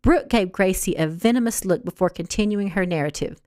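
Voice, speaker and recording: A woman, the author, reading her novel aloud in an expressive, animated way. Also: medium pitch, a little fast, no room sound, clean studio sound. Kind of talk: audiobook narration read aloud.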